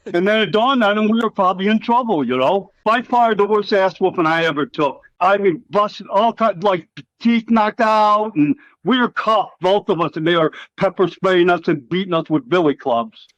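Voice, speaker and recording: A middle-aged former wrestler, speaking in a fairly high voice at a moderate pace, tells rambling, profanity-laced stories in a casual interview and acts out what other people said. His tone is fairly bright, and the recording is dry and slightly dull with no echo.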